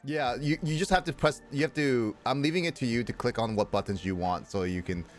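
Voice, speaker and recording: A man hosting a casual gaming stream with friends, excitable and talking over the others. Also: medium pitch, fairly quick, soft background music. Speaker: streamer and host.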